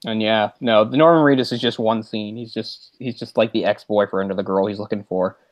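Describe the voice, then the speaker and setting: A man co-hosting a podcast, rambling through a casual movie chat, getting animated and laughing as he retells scenes. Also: lowish voice, brisk, dry recording. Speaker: podcast co-host.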